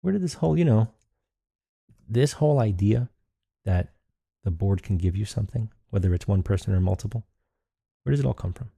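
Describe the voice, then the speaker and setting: Gravelly low-voiced man musing aloud. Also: animated, a little fast, long pauses, dark tone, dry recording. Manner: rambling, thinking aloud with restarts. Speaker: podcast host. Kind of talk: solo podcast musing.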